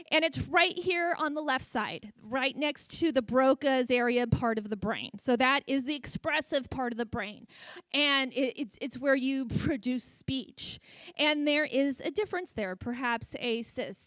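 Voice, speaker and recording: A woman's voice: sits high, fairly bright tone, no echo. A woman in her forties who speaks with a stutter, giving a humorous talk to a luncheon audience. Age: 40s. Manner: speaks with a stutter, frequent sound repetitions. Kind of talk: public speech with humor. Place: event hall with audience.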